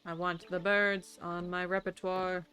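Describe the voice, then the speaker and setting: Bright-voiced woman chatting as she plays. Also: on the low side, level tone, a little slow, slight background noise. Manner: chatty, talking to herself and to creatures in the game. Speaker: streamer. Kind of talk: casual gameplay commentary.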